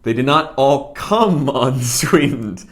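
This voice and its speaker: A man's voice: mid-range voice, lively intonation, slow pace. Man, casual food-review vlogger, dry rambling humor, mid-range voice.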